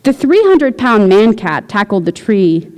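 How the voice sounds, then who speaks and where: A woman reading her own fiction aloud at a university, with a wry, deadpan delivery. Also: mid-range voice, a little slow, big-room sound. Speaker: visiting writer. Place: university lecture hall.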